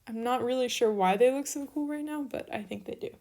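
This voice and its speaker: A young woman gives an online Greek lesson, moving fairly quickly through verb forms in a high-pitched voice. She writes as she explains each step, steady throughout, with brief apologies here and there.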